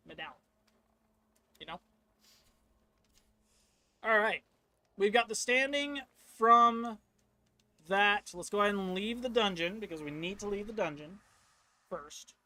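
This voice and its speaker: A man's voice: high-pitched, sharp tone. A man streaming a video game, chatting casually in rambling asides. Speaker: gaming streamer.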